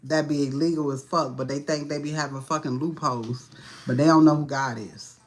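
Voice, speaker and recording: A woman's voice: deep voice, steady tone, brisk. A woman giving a casual livestream tarot reading, talking in a blunt, profane, slangy way and sounding tired and annoyed. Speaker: tarot reader.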